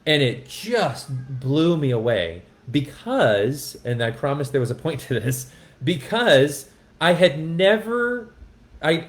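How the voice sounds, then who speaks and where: An impassioned man who teaches music, telling a personal story in a podcast conversation in an earnest way, often restarting his sentences. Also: fairly high pitch. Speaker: music educator.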